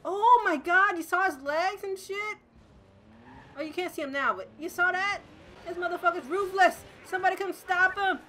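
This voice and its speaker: A young woman, giving loud, excitable gameplay commentary, swearing often, shouting and laughing as she plays. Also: very high-pitched, normal speed, slight background noise. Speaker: gaming streamer.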